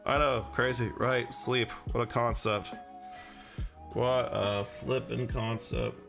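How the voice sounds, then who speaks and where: Over music, a man paints miniatures on stream and talks slowly in a steady, medium-pitched voice with vocal fry. He's chatty and rambling, padding his talk with fillers and chuckles while reading and replying to chat.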